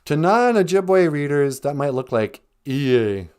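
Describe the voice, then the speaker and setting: A man hosting a comedy podcast, joking darkly in a deadpan, drawling way. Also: a little high, a little slow, smooth. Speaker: podcast host.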